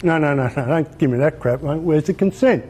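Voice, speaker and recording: An Australian man gives an informal talk with a fairly high-pitched voice. He presses his points hard, repeats himself and fires off rhetorical questions. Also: fairly quick, a little mellow. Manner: emphatic, repeats phrases, asks rhetorical questions. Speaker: speaker. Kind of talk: informal presentation.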